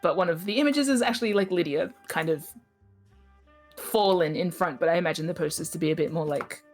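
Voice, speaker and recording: A woman with a lowish voice chats casually and jokes with her group while playing a tabletop game, laughing often in a playful mood. She talks fairly quickly, with soft music in the background.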